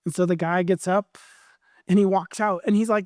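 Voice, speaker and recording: A male pastor with an American accent, preaching a sermon in a conversational, animated storytelling way. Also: high voice, normal speed, no echo, studio quality.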